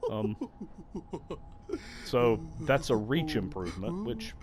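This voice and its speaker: A man's voice: mid-range voice, huge pitch swings, slow, a crowd in the background. A man giving casual, self-deprecating commentary while playing a video game. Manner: musing, self-deprecating, apologetic. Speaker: let's play host.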